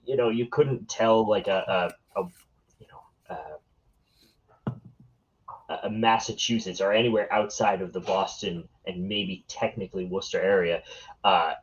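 A man's voice: sits low, fairly even intonation, unhurried, long pauses. A man co-hosting a podcast in casual chat, making dry, blunt remarks. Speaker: podcast co-host. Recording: dull, lo-fi mic.

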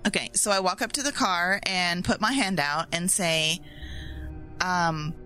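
A woman's voice: fairly low pitch, lively intonation, moderate pace, sharp tone, soft background music, poor audio. A woman player in a tabletop role-playing game, playful and giggly, slipping in and out of character.

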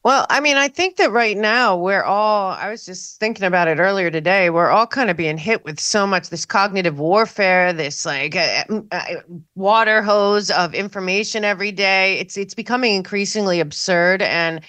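Smooth-voiced woman, rambling. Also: medium pitch, normal speed, sharp tone, dry recording. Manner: rambling, hesitant restarts. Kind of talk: casual panel talk.

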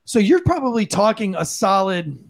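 Male podcast co-host, ex-cop, blunt profane rant, high-pitched voice. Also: big pitch swings, moderate pace. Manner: blunt, profane, impassioned ranting. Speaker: podcast co-host, former police officer. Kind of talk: heated opinion commentary.

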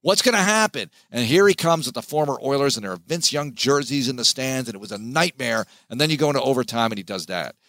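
A man, a sports play-by-play announcer, giving an animated, emphatic interview as a podcast guest. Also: medium pitch, fast talker, few pauses, no room sound.

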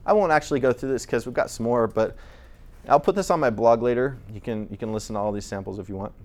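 A man's voice: medium pitch, quick pace, a little mellow. A man presenting a casual talk to a small audience, speaking in a chatty, conversational way with frequent restarts. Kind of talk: casual lecture on voice recording.

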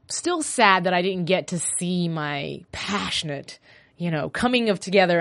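Chatty woman hosting a fan podcast. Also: mid-range voice. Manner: chatty, animated, gushing. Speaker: solo podcast host. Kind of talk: casual fan after-show chat. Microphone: podcast mic.

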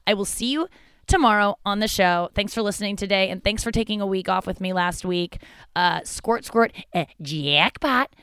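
A young woman hosts her own podcast in a loose, rambling comic monologue, crude and candid. Her voice is smooth and resonant, and the sound is dry and close, with no room around it. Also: mid-range voice, moderate pace, a bit bright, no room sound. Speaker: podcast host. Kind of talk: casual comedic monologue.

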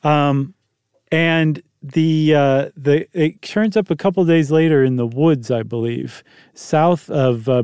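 A man's voice: mid-range voice, dark tone, clean tone, no room sound, studio quality. A man co-hosting a podcast, telling the story in a casual, chatty way and hedging his facts with asides. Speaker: podcast co-host.

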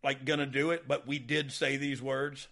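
A man's voice: mid-range voice, flat delivery, normal speed, creaky, heavy background noise. A man hosting a podcast, telling wrestling stories in a casual way, laughing often and acting out quotes. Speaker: podcast host, former wrestler. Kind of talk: casual storytelling chat.

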